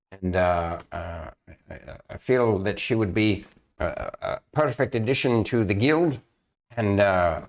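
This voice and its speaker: A man narrating as dungeon master, hesitant and full of fillers and restarts. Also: on the low side. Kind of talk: narrating a tabletop game.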